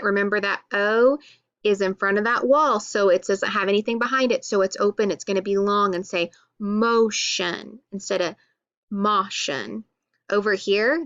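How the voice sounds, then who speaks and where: A woman's voice: medium pitch, fairly bright tone, highs cut off. A woman teaching a phonics lesson, patiently sounding out letters and syllables and answering her own questions. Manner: asks questions and answers them herself.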